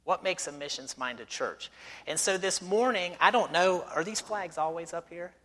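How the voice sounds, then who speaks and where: In a large hall of a church sanctuary, a middle-aged missionary preaches at a moderate pace, his high voice pushed and bright. He tells stories in a conversational manner, sprinkling in rhetorical questions.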